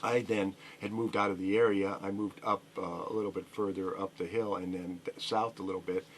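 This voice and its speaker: A man's voice: low voice, little pitch movement, fairly quick. A middle-aged man who owns a record store, a radio interview guest telling a rambling story full of fillers and restarts.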